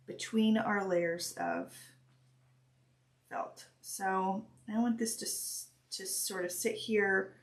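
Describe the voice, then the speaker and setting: A woman teaching a stitching project on a live stream, talking slowly and hesitantly with many pauses and restarts while she works. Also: medium pitch. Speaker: craft teacher.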